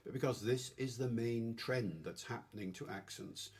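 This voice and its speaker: An older man from Wales, a linguist explaining ideas in a measured way during a relaxed podcast discussion. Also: medium pitch, slightly rough. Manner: measured, explanatory, with ready laughs. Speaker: linguist guest. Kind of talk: casual discussion.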